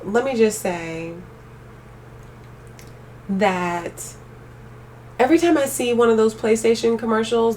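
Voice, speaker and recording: A young woman live streaming, chatting casually with her viewers and ranting with animated energy. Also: mid-range voice, recorded from a distance, slight background noise. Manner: animated ranting, talks straight to chat.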